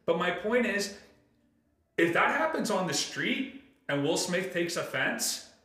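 A man's voice: sits high, unhurried, reverberant. A man hosting a podcast, ranting in casual chat with lots of swearing. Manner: animated, profane ranting. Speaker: podcast host.

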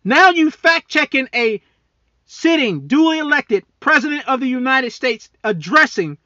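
A high-voiced, bright-toned man rants heatedly into the mic, cursing often and mocking his targets. His voice sits up high and sounds sharp and forceful. The sound is dry and close, with a dull, lo-fi edge. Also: lively intonation, measured pace, no room sound. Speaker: podcast host; military service member. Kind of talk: angry political rant.

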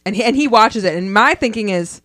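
A woman's voice: medium pitch, fairly quick, dry recording, clean studio sound. A woman co-hosting a podcast, chatting casually, swearing and joking as she tells stories. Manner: profane, joking, animated storytelling. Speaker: podcast co-host. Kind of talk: casual chat.

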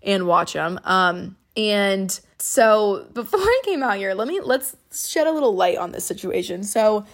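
A young woman hosts her podcast and spills a long story in loose, casual chat. Her voice has a gravelly fry, and she swears freely and leans on "like" all the way through. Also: medium pitch, sing-song, unhurried, few pauses. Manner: profane, rambling, heavy use of "like". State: emotional. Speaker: podcast host.

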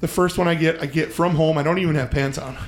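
A man hosting a podcast, telling a story in a casual, profane, animated way and acting out the voices he quotes. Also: fairly high pitch, quick pace, a little hiss or hum. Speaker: podcast host.

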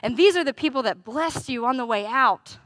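Speaking in a high, bright voice, a woman preacher delivers a sermon conversationally, full of rhetorical questions and lively asides. The recording is brisk, close, and dry.

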